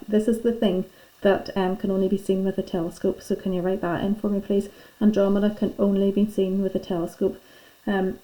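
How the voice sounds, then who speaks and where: A woman teacher with a dark-toned, mid-range voice patiently and chattily helps pupils fill in their lesson notes. It's a classroom lesson going through worksheet notes, captured on a rough recording.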